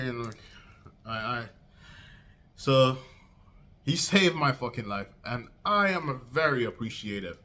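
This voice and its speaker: A young man vlogging a casual storytime, slangy and swearing, acting out quotes with big jumps in pitch. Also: animated, a little slow, pauses often, sharp tone.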